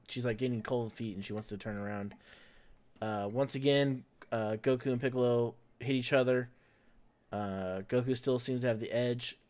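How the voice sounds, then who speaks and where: Podcast host, male, mid-pitched, chatty and loose, laughs easily. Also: fairly even intonation, moderate pace. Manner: chatty, laughs often, fills in with "like" and "uh". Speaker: podcast host recapping an anime episode. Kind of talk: casual podcast recap.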